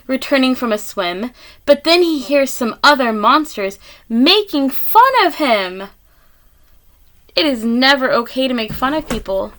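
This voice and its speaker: A high-pitched woman reads a picture book aloud to children. She's gentle and expressive, gasping and adding little asides to her young listeners.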